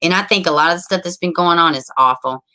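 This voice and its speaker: A woman hosting a casual livestream, chatty and excitable, reading chat and laughing often. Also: fairly low pitch, quick pace.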